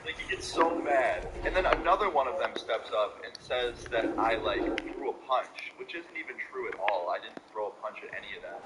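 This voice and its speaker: Fast-talking young man telling a story. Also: medium pitch. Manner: animated, profane, mocking. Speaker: vlogger. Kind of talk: storytime vlog. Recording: loud hissy home recording.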